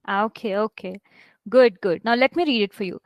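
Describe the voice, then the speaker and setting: A woman teaching a live online English test class, coaxing students and reading sentences aloud slowly to show stress. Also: mid-range voice, no room sound, poor audio.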